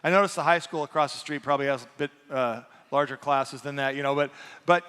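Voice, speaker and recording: A man's voice: medium pitch, quick pace, fairly bright tone, smooth. A man in his sixties from rural eastern Washington, preaching as co-pastor with a folksy, joking, self-deprecating manner. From eastern Washington, USA. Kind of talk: sermon. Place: church sanctuary. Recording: long reverb from a church hall.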